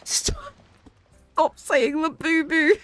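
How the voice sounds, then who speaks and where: A woman's voice: extremely high pitch, big pitch swings, fairly bright tone, soft background music. A young woman streaming a game, chatting playfully with her viewers. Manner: playful, chatty, talks to viewers with quick laughs. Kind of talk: casual live-stream chat while playing.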